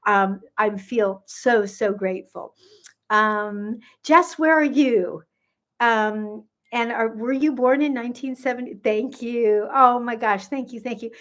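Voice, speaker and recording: A woman's voice: on the high side, slow, fairly bright tone. A woman in her sixties, nearly seventy, working as a gut health coach. She chats casually with livestream viewers on her phone, greeting them by name and drifting into rambling asides. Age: 60s, nearly seventy.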